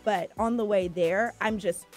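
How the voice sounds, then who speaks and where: A woman's voice: mid-range voice, unhurried, a little mellow, soft background music. A woman co-hosting a chat podcast, telling a story vividly and acting out what people said. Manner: vivid storyteller, acts out quoted lines. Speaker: podcast co-host. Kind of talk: casual chat.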